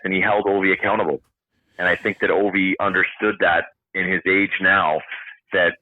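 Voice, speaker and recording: A man in his forties with a low voice tells animated stories, acting out the dialogue and swearing freely. The voice comes over a thin, phone-like line. The sound is dry and close, with no room echo. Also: moderate pace. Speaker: podcast guest, retired hockey player. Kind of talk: casual storytelling interview. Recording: tinny phone-like call line.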